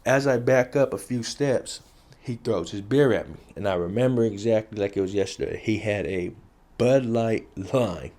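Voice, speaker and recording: A man's voice: on the low side, normal speed, a little mellow. Profane streetwise man. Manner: blunt, profane, streetwise, repeats key phrases for effect. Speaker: storyteller recounting his past. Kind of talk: casual street storytelling to camera.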